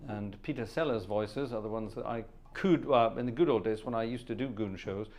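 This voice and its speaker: A man's voice: on the low side, brisk. Chatty middle-aged male livestream host. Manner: chatty, warm-hearted, playful asides. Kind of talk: casual chat greeting live viewers.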